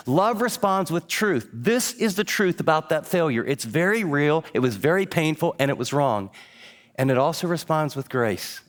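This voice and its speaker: A middle-aged man preaching a sermon, emphatic and teaching from notes. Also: a little high. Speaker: pastor.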